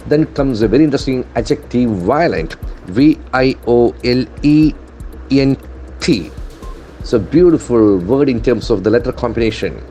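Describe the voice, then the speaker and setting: A man teaching from newspaper headlines, deliberately spelling out and repeating words. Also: mid-range voice, expressive, dark tone, soft background music. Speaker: English language trainer. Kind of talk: newspaper-based English lesson.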